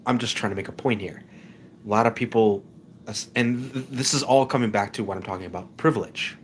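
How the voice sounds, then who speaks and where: A man hosting a live stream, talking off the cuff in a rambling way, with frequent restarts, and repeatedly calling out to his viewers as ladies and gentlemen. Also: lowish voice, fairly quick, slight background noise. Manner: rambling, with many restarts and stumbles; keeps addressing the audience as "ladies and gentlemen". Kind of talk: casual opinion monologue.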